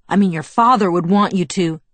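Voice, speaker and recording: A woman's voice: lowish voice, fairly quick, no room sound, lightly acted. Woman voicing a sullen, grumbling father. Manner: grumbling, curt. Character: gruff, sullen middle-aged father, police chief. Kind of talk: audiobook character reading.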